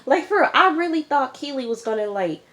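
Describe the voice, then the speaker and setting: A woman casually recapping a reality show episode in an animated, chatty way, stressing her points with an emphatic "okay?". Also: high-pitched, a little fast, a little hiss or hum. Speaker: TV reviewer.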